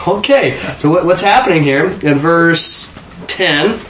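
A man's voice: a little high, expressive, slow, a bit bright, roomy sound, slight background noise. A man leading an informal Bible study, asking the group questions and often repeating words as he thinks.

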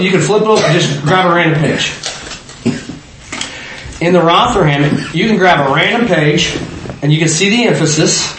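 An adult father who teaches the Bible leads an interactive study, speaking in a somewhat high, slightly bright voice. He talks conversationally, quizzes his small group, and frequently starts his sentences over. The room is echoey with faint background noise.

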